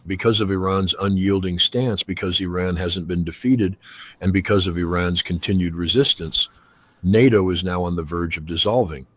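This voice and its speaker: A man's voice: deep voice, fairly even intonation, normal speed, a bit bright, no room sound. An older man from the United States, a guest commentator giving blunt, emphatic political analysis with many "you know" fillers. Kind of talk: opinionated geopolitical analysis.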